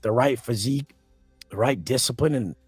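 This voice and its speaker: Husky, foul-mouthed man telling stories. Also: medium pitch, moderate pace, no room sound, faint music behind. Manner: blunt, aggressive, swears constantly; acts out quoted confrontations. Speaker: podcast guest. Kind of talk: profane storytelling in a podcast interview.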